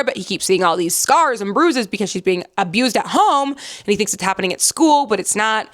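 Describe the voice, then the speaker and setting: A young woman reviewing a book in a casual vlog, chatty and rambling, gushing with excitement and breaking into squeals. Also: medium pitch, fairly quick. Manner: chatty, rambling, full of fillers.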